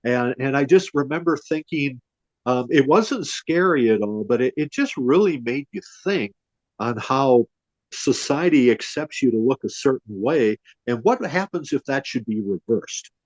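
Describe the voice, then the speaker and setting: A man's voice: medium pitch, expressive, no room sound. Older man recalling stories, dull dry sound. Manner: storytelling, unhurried with many "and, uh" restarts. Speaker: podcast host. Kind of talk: casual chat.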